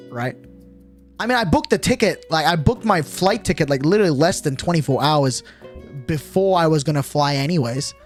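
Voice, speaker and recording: A man's voice: fairly high pitch, animated, moderate pace, soft background music. A young man streamer telling a storytime on a livestream, exasperated and swearing a lot, with frequent restarts.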